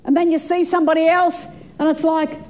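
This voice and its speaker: A woman's voice: very high-pitched, level tone, fairly quick, darkish tone. A woman pastor in her sixties preaching a fervent sermon, stretching and repeating her phrases.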